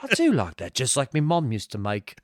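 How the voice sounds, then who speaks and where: A man's voice: mid-range voice, wildly swooping pitch, fairly quick, dry recording, clean studio sound. A man hamming up a mock British bloke. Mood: hammy. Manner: jokey, hammy put-on accent. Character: mock British bloke who loves bland boiled food.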